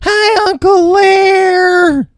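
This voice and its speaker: A man voicing a bratty little boy in a shrill, squeaky high voice. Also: steady tone, very slow, no echo, clean studio sound, heavily acted.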